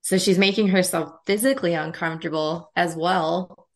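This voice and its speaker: A woman's voice: lowish voice, fairly even intonation, normal speed. Scratchy-voiced woman hosting a podcast. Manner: chatty, friendly, loose phrasing with "like". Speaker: podcast host. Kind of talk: casual podcast chat.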